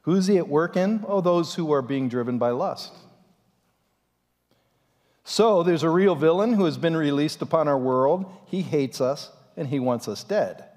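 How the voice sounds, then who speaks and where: A man preaching a sermon as pastor, in an animated and dramatic way, in a church sanctuary. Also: on the high side, measured pace. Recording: long reverb in a church hall.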